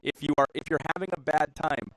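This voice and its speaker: A man's voice: on the high side, fast talker, fairly bright tone, no room sound, low-quality recording. A man casting a live game tournament, chatty and filling dead air while troubleshooting. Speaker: shoutcaster. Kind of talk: esports commentary.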